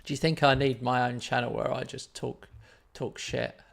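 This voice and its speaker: A man's voice: mid-range voice, level tone, normal speed, vocal fry. A man telling a story in casual chat on his live stream, rambling and self-deprecating.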